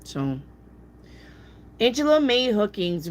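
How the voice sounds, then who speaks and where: A woman's voice: sing-song, unhurried, long pauses, a little hiss or hum. Blunt, profane woman reading tarot. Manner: blunt and profane, mimics people in a high voice. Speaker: tarot reader answering viewer questions. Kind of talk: casual live tarot reading.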